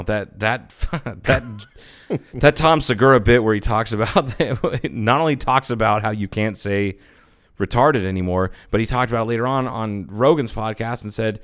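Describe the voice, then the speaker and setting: Man, podcast co-host, casual chat, low pitch, smooth clear tone, swears a lot, laughs often. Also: normal speed. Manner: swears freely, laughs often, animated storytelling.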